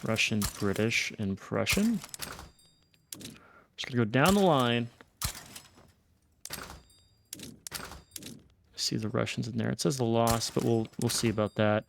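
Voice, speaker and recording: A man's voice: medium pitch, unhurried, vocal fry, pauses often, background noise. A man giving casual let's-play commentary on a strategy game, thinking aloud and often restarting or trailing off. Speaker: gameplay streamer.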